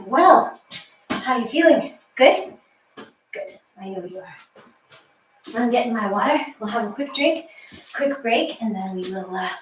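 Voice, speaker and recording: Out-of-breath woman instructor, upbeat and chatty, counting reps; slightly high, unhurried voice in a roomy space. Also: far from the mic, a little hiss or hum. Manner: cheerful, chatty, laughs at herself. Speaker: fitness instructor. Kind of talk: workout class instruction.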